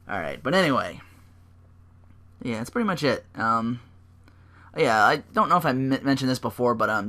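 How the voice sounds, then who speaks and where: Bright-voiced man rambling casually. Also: medium pitch, big pitch swings, unhurried, pauses often. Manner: rambling, filler-heavy, swears freely. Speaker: podcast host. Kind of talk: casual solo podcast talk.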